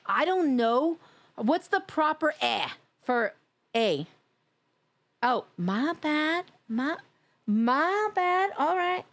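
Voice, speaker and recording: Woman streamer, fairly high voice, playful, teasing, laughs a lot, casual chat. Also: lively intonation, extremely slow, long pauses, fairly bright tone. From New York. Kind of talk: casual live-stream chat while gaming.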